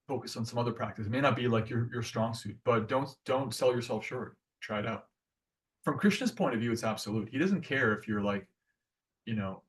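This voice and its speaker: A man's voice: medium pitch, far from the mic. A man giving a casual devotional class, talking earnestly and conversationally with many restarts.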